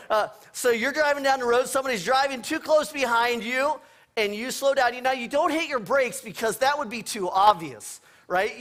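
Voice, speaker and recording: A man's voice: very high-pitched, fairly bright tone. A man preaching a sermon as pastor, telling everyday stories in a conversational way with playful humor. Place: church sanctuary.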